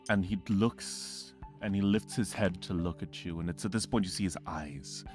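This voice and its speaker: A man's voice: sits low, moderate pace, darkish tone, faint music behind. A man narrating a tabletop game as game master, rambling with fillers and self-corrections.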